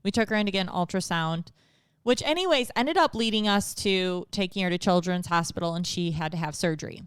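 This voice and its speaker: A woman's voice: on the low side, a little fast, smooth, no echo, clean studio sound. A woman in her thirties co-hosting a podcast, chatting and telling a personal story with many "like" fillers. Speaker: podcast co-host. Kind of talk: casual chat.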